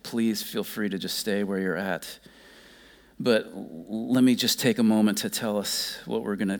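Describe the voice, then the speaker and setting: Man, pastor, sermon, lowish voice, passionate, loud-to-hushed delivery. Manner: impassioned, swings from loud urging to soft near-whispers.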